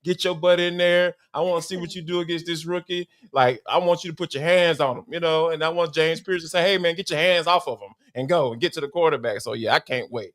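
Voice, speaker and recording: Excitable male football analyst with a slightly high voice who tells stories in an animated way. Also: fast talker, few pauses. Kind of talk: sports talk podcast.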